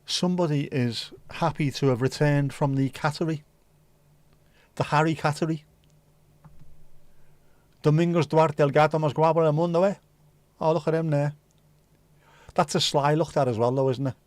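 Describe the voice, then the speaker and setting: A man's voice: a little high, fairly even intonation, moderate pace, pauses often, a little mellow, no echo. A man hosting a livestream, rambling and swearing casually as he answers viewers' comments. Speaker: livestream host. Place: home livestream setup.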